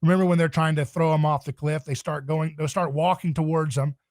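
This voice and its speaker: A man's voice: on the high side, steady tone, brisk, a little mellow, no room sound. A man speaking as a podcast guest in a passionate, emphatic, preaching tone. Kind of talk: podcast interview.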